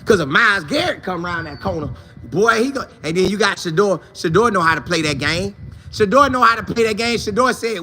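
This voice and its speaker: This man hosts a laid-back sports talk show, speaking on the high side and a little fast over a faint hiss or hum. He's animated and playful, putting on different voices to imitate the coaches and players he quotes.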